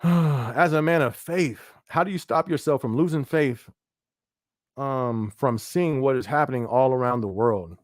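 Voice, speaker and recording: A man's voice: medium pitch, measured pace, no room sound, studio quality. A man hosting a casual live podcast, reading viewer comments and answering in a loose, chatty way with frequent laughs and fillers. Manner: laid-back, laughs often, frequent fillers like "you feel me". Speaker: livestream podcast host.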